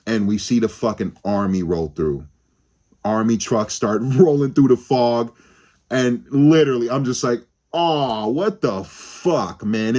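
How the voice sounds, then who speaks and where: A man's voice: medium pitch, a little mellow. A young man giving a rambling, casual film review on his channel, swearing freely and often restarting his sentences. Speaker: movie review vlogger.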